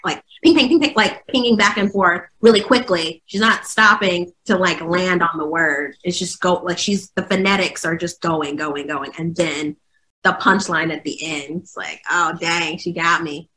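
A woman co-hosting a casual chat, animated and quick to laugh. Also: on the low side, low-quality recording. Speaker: podcast co-host. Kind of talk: casual discussion.

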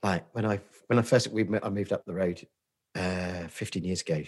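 Podcast guest, male, Portsmouth accent, husky voice, casual and sweary self-deprecating banter. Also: low voice, steady tone, normal speed. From Portsmouth, England. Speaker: guest, marketing agency founder.

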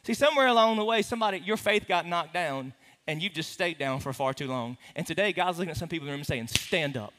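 A man preaching a sermon to a congregation, animated and playful, with teasing asides to the room. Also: on the high side, quick pace, hardly any pauses. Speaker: pastor. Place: large hall with a congregation. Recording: reverberant hall.

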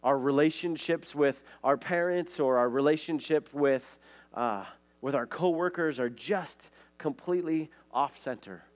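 On the high side and at a measured pace, this pastor from Montana, USA, preaches in a chatty way. He tells stories casually and regularly uses "like" and "right?".

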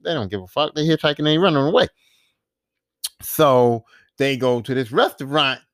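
A man hosting a podcast, casually recapping a TV series in a profane, animated storytelling manner, acting out the characters' lines. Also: medium pitch, normal speed, no room sound, clean studio sound. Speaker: podcast host.

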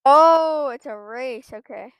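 A woman with a high, smooth voice speaks at an unhurried pace, with no echo on the recording. She's streaming her own gameplay at a computer, commenting live and frequently breaking into exasperated rants.

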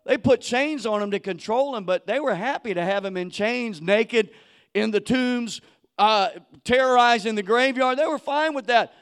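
High-voiced fiery preacher man. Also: moderate pace, clear, resonant tone. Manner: fiery, builds to shouting; casual street slang, acts out quoted people. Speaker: pastor. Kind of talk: sermon.

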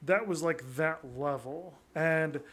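A man's voice: fairly high pitch, slow pace, fairly bright tone. A man co-hosting a podcast in casual chat, laughing often, swearing and saying "like" a lot. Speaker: podcast co-host.

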